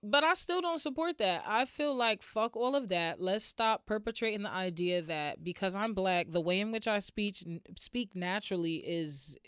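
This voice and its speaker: Outspoken woman guest, mid-pitched, punchy storytelling, dry room. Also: normal speed, hardly any pauses, clean tone, dry recording. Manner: animated storytelling, acts out quotes loudly; blunt, heavy swearing. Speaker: podcast guest. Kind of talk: casual chat.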